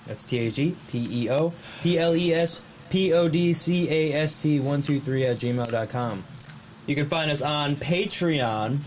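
A man's voice: mid-range voice, slight background noise. A man hosting a casual podcast, joking around and repeating himself for emphasis. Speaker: podcast host.

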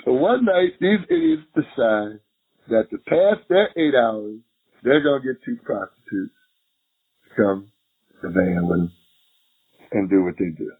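Middle-aged man, husky voice, animated storyteller, phone-line audio. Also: mid-range voice, measured pace, long pauses. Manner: animated, laughing storyteller who acts out quotes. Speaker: retired FBI agent, podcast guest. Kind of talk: storytelling interview.

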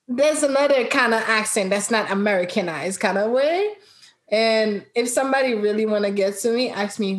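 A woman's voice: a little high, moderate pace. A woman from Brooklyn in a casual chat, telling her view with animation and laughing as she talks. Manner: animated, laughs while talking.

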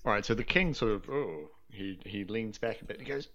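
A woman narrating as game master in a relaxed, chatty way. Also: rumbling low, fairly quick, hardly any pauses, lo-fi sound.

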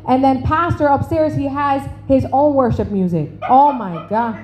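A woman preaching to a church, telling a funny story with animated acted-out dialogue, then slowing to emphatic phrasing on scripture. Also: sits high, low-quality recording. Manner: animated, humorous, acts out conversations. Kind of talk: sermon with storytelling. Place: church service.

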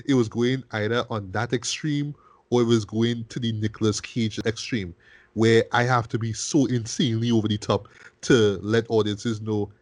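A man hosting a film review podcast in casual chat, animated and profane, often tagging "right?" and restarting words. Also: lowish voice, moderate pace, no echo.

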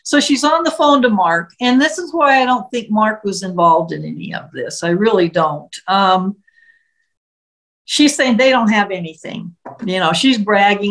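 A woman's voice: mid-range voice, expressive, normal speed, low-quality recording. A woman casually telling a story, retelling events vividly and briefly slipping into the voices of the people she quotes. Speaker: storyteller recounting a case.

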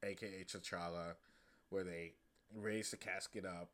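A man hosting a podcast, giving a casual, comedic movie recap in a profane, slangy, animated way. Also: low-pitched, a little slow. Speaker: podcast host.

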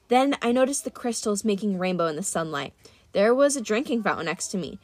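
A woman's voice: medium pitch, very animated, a little fast, fairly bright tone, no echo. Woman reading a storybook aloud. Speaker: audiobook reader. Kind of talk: first-person storybook narration.

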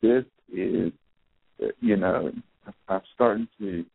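A man's voice: low voice, slow, gravelly, no room sound. A man in his thirties hosting a podcast, telling a rambling story on his phone. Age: 30s. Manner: rambling, with fillers and self-corrections. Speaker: podcast host. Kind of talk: casual storytelling monologue. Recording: tinny phone-like, dry.

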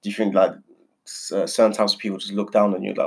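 A man in casual chat, answering in slang and quick agreement. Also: fairly low pitch, little pitch movement, creaky, darkish tone, slightly rough, low-quality recording.

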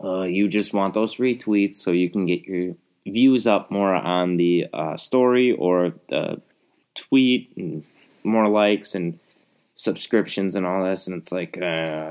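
A man's voice: low voice, slow pace, darkish tone. A young man hosting a podcast, ranting in an exasperated, rambling way with lots of fillers. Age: young adult. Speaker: podcast host. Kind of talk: casual solo rant.

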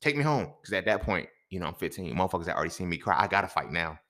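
A man hosting a podcast, telling a story in a casual, profane monologue that swings between loud outbursts and quiet asides. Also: low voice, steady tone, racing. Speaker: podcast host.

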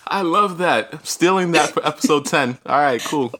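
A man's voice: on the high side, moderate pace, noisy background. A man co-hosting a podcast in casual chat, playful and laughing, swinging dramatically in tone. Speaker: podcast co-host.

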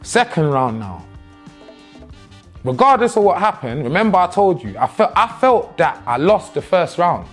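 Guy with a slightly high voice, chatty and slangy, breaking down his own fight and laughing at himself. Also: normal speed, faint music behind. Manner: slangy, animated, self-mocking, acts out quotes. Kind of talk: casual storytelling commentary.

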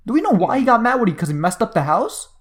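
A man's voice: high-pitched, big pitch swings, fast talker. Teasing male podcast co-host. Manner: teasing, leads with prepared notes. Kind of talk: casual movie review chat.

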